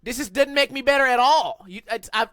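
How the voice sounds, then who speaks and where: A young man telling a story on a casual podcast, swearing and ranting with animated energy. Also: very high voice, fairly quick, clean tone, no echo. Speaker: podcast co-host.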